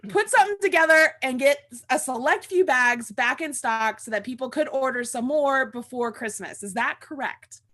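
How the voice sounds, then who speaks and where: A woman's voice: sits high, moderate pace, hardly any pauses, bright, forceful tone. A woman hosting a casual livestream chat, gushing and repeating herself. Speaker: host.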